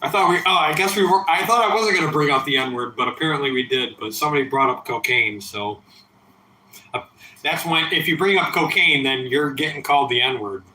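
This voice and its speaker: A man in his thirties rambles through a casual late-night stream, profane and defiant, a bit tipsy from drinking. His voice sits a touch high and sounds bright and edgy. The room gives it a noticeable echo. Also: brisk, a little hiss or hum. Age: 30s. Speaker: livestreamer.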